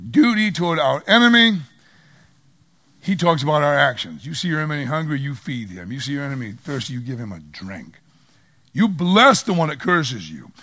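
A man preaching a sermon in an animated way, swinging from loud emphasis to low quiet asides and acting out quoted voices. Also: creaky, no echo.

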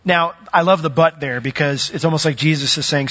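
A man preaching a sermon, animated, who acts out the voices of the people in his story. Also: fairly high pitch, fairly quick, few pauses, in a large hall. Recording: dull lo-fi recording.

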